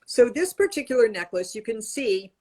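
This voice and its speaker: A woman's voice: a little high, lively intonation, normal speed, a little mellow. A middle-aged woman hosting a show, chatting casually and demonstrating accessories as she talks. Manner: chatty, demonstrative, talks while showing items. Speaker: show host. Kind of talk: casual conversational style demonstration.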